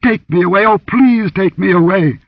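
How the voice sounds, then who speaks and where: A man's voice: high-pitched, moderate pace, no echo, far from the mic, lo-fi sound, pitched above the performer's own voice. A man voicing a frightened young woman dancer, gasping and pleading, in an audiobook.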